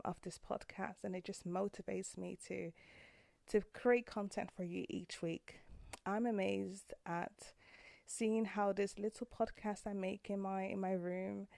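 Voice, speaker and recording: A woman's voice: mid-range voice, fairly even intonation, measured pace, vocal fry, warm tone, no room sound. A woman in her thirties hosting a podcast from a room at home, speaking in a heartfelt, earnest way that turns emotional. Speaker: podcast host. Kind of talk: personal podcast monologue.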